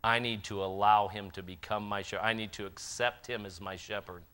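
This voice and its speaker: Bright-voiced preaching man. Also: fairly low pitch, fairly even intonation, a little fast, smooth. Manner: swings from loud shouted passion to quiet earnest appeals. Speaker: pastor. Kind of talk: sermon. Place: church sanctuary.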